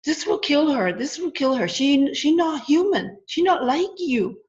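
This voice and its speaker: A woman's voice: sits high, very animated, unhurried, darkish tone, muffled recording, voice pushed up. A woman voicing a stern, protective woman who speaks broken English with a thick accent and repeats urgent warnings. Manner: insistent, repetitive warnings.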